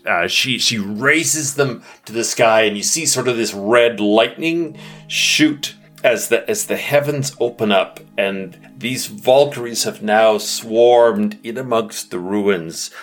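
A low-voiced man runs a tabletop game, narrating scenes at a slow pace. He often restarts phrases as he builds each description, with faint music underneath. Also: a bit bright. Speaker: game master.

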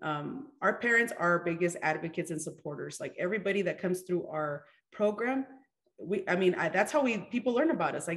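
A woman's voice: lowish voice, expressive, fairly quick. A woman in her forties, a children's program director, talking in a rambling way with lots of fillers and restarts. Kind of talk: casual interview chat.

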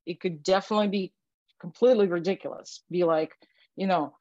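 A woman matchmaker and dating coach giving casual podcast advice, chatty and animated, acting out sample lines and often asking "right?". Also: lowish voice, fairly quick, dry recording, lo-fi sound.

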